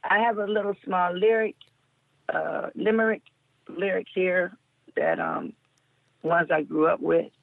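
Caller, woman, gravelly low-fi phone voice, recites verse slowly. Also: no echo. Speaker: caller reading a poem. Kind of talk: recited poem on a call-in show. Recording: gravelly tinny phone line.

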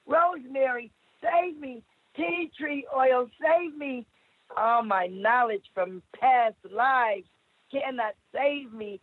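A woman poet chatting through a story with laughs, then reciting a spoken-word poem with dramatic jumps in pitch. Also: slightly rough, dry recording. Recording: tinny phone-like radio line.

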